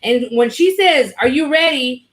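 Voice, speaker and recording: A high-voiced woman hosts a live stream, chatting casually. She tells her story in a relaxed, conversational way. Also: measured pace. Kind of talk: casual chat.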